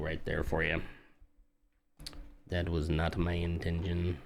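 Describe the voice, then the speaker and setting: A man's voice: sits low, a little slow, vocal fry. A man casually chatting on a live stream while building a model, reading out and answering chat with jokes and self-mockery.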